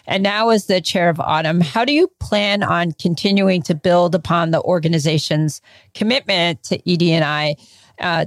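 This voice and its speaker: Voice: medium pitch, no echo. Affirming interviewer with a dry sound. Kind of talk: interview questions.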